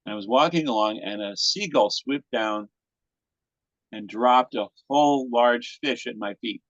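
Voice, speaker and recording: A man's voice: medium pitch, measured pace, no room sound. A man in his sixties at a retreat discussion, telling a story to a group in a folksy, meandering way. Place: retreat center meeting room. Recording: dull, lo-fi, dry sound.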